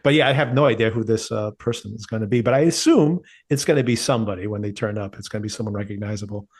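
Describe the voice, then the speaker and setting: A man's voice: on the low side, quick pace. A man co-hosting a podcast, chatting casually about a TV series and laughing at his own points. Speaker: podcast co-host. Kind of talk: casual TV review chat.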